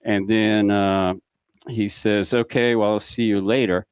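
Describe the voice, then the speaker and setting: A low-pitched man spins a long, rambling story on a podcast, slipping into the voices of the people he met. The sound is dry and close, with no room around it. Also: steady tone, measured pace, smooth, no echo. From Mississippi Gulf Coast. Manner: rambling anecdotal storyteller acting out dialogue. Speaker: podcast guest. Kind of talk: casual storytelling.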